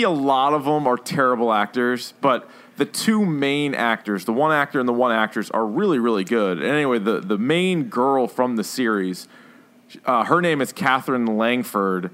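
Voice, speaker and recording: A man's voice: medium pitch, a bit bright. A man co-hosting a casual pop-culture podcast, joking and laughing as he runs through the news. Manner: laughing, joking, profane asides. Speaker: podcast co-host.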